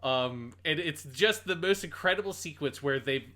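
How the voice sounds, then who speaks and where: A man co-hosting a podcast, animated and profane, retelling scenes while laughing. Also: fairly high pitch, normal speed. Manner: animated, swearing, laughing storyteller. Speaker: podcast co-host. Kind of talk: casual chat.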